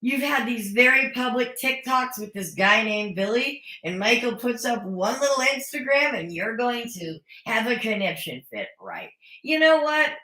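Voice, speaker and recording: A woman's voice: on the high side, animated, normal speed, hardly any pauses, bright, forceful tone, roomy sound. A woman recapping a reality show in a casual, chatty way, opinionated with sarcastic asides. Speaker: recap vlogger. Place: home.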